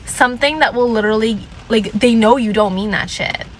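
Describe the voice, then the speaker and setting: A woman's voice: on the high side, a little fast, slight background noise, poor audio. A young adult woman vlogging casual advice in a sassy, emphatic way, repeating her points. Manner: drops into mocking voices to quote people.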